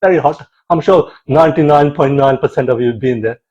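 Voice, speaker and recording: A man telling a comic story in an animated, digressive way, full of exclamations. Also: medium pitch, brisk, highs cut off. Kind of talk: comic monologue.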